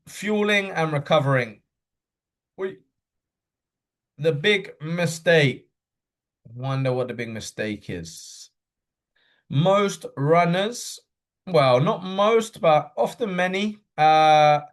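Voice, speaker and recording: A man coaching runners in a live online session, talking quickly and casually with fillers and frequent okays. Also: on the high side. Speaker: running coach. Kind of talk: live online workshop talk.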